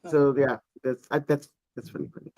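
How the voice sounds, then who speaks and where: A man's voice: mid-range voice, steady tone, brisk, warm tone, no room sound. A man hosting a casual panel chat, rambling easily with many fillers. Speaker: podcast host.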